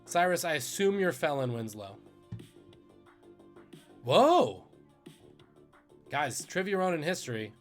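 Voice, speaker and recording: Male trivia host, jokey and animated, slightly high voice, faint music underneath. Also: a little fast, hardly any pauses. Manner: jokey, animated, swings between loud and muttered asides. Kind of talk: live-streamed trivia hosting.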